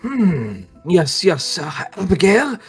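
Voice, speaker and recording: GM-voiced cruel villain lord, mocking, threatening, lively swings, slightly husky. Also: medium pitch, slow pace, faint music behind, voice pushed up, heavily acted. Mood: menacing. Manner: menacing, mocking, erupts into shouts. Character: sinister gloating male villain lord.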